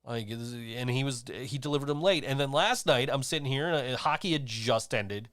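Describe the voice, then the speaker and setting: A man's voice: medium pitch, a little fast, fairly bright tone, dry recording, clean studio sound. A man hosting a podcast in casual chat, rambling and swearing, laughing often. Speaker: podcast host.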